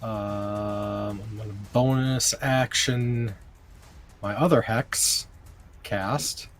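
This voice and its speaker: A man playing a tabletop game, thinking aloud through his character's spells and reading rules in a halting way. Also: lowish voice, fairly even intonation, slight background noise. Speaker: player.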